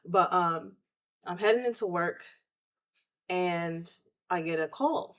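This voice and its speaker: A woman, hosting a podcast and telling a personal story of grief in an emotional, animated way. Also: on the low side, takes it slowly. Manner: emotional, animated retelling with quoted outbursts. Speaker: podcast host.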